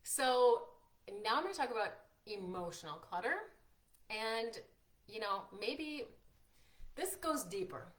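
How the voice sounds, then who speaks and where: A woman hosting a live-streamed workshop, chatty and encouraging, reading out viewers' comments and filling pauses with "like" and "um". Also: fairly high pitch, lively intonation, fairly bright tone. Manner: encouraging, frequent fillers like "like" and "um". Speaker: workshop host and coach.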